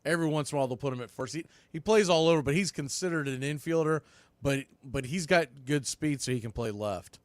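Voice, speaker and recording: A man's voice: on the high side, fast, no echo. Man calling baseball play-by-play, dry sound. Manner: chatty, repeats words when explaining. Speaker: play-by-play announcer. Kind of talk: casual live play-by-play commentary.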